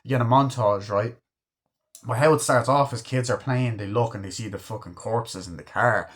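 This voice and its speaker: A man giving a casual, excitable movie review, swearing a lot and acting out scenes he loves. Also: medium pitch, moderate pace. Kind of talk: casual film review monologue.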